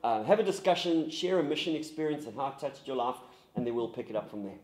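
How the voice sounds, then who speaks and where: A man, a pastor leading a group discussion in an earnest, halting way with many restarts. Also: medium pitch, expressive, a little mellow, reverberant. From South Africa. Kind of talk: recorded group discussion guide.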